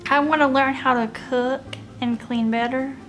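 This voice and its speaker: A woman's voice: high-pitched, fairly even intonation, normal speed, a bit bright, soft background music. A young woman from Tennessee answering interview questions in earnest, simple short replies with playful asides, in a casual chat while baking. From Tennessee, USA. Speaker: interview guest.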